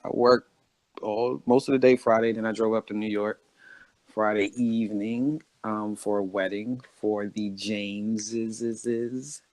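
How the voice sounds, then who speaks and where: A man's voice: on the low side, steady tone, unhurried, darkish tone, no echo. Casual man, rambling podcast co-host. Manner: rambling, laughs between phrases. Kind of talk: casual chat.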